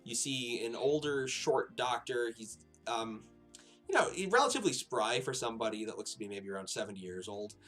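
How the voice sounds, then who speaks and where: A man's voice: mid-range voice, animated, fairly quick, a bit bright, faint music behind. A man running a tabletop horror game as game master, describing scenes and rules with many fillers. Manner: rambling with frequent fillers and laughs.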